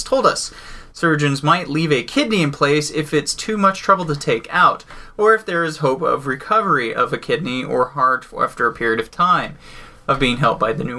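Guy cohosting a podcast, jokey and swears a lot, bright kinda high voice. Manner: jokey, swears, reads news then riffs. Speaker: podcast co-host. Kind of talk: casual news-reading podcast chat.

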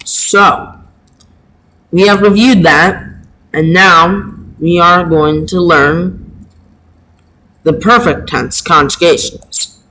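A man teaching a Latin lesson, speaking haltingly with many pauses and fillers. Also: high voice, steady tone, sharp tone, slight background noise, poor audio. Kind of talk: slow home-made lesson.

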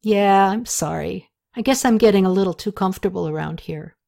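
A woman's voice: mid-range voice, fairly quick, vocal fry, dark tone, natural voice. A woman reading as an eager young man.

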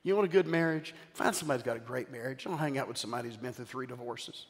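A man's voice: mid-range voice, very fast. Older preacher man in a reverberant hall. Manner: animated storytelling with call-outs to the congregation. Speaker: bishop and preacher. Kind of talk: sermon.

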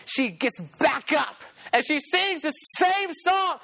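A preacher with a high voice tells a story in a sermon. The delivery is animated, and key phrases are repeated for emphasis. Lines of song slip into the telling. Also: takes it slowly, gravelly.

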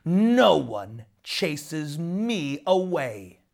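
A storyteller voicing a sharp-tongued, hot-tempered young wife who snaps and shouts, in a storybook read-aloud. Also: medium pitch, animated, slow pace. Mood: defiant. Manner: snapping, loud and cross.

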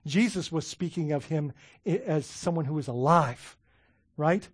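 A man's voice: fairly high pitch, a little slow, slightly rough, dry recording. Pastor guy preaching, fired up, trips over his words, dry close sound. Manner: animated, repeats and restarts words, laughs often. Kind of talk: sermon.

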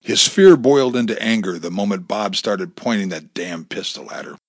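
Man, audiobook narrator, expressive, dry studio, wide-ranging. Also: on the low side, normal speed, dry recording.

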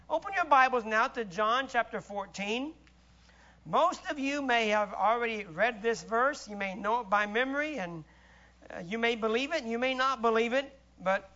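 A man preaching a sermon in a church, emphatic and rhetorical, swinging between loud declarations and hushed asides. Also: very high voice, highs cut off.

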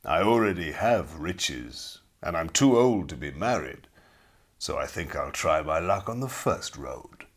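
A man voicing a gruff old bearded knight. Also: low-pitched, very animated, measured pace, voice pushed down, heavily acted. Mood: wry.

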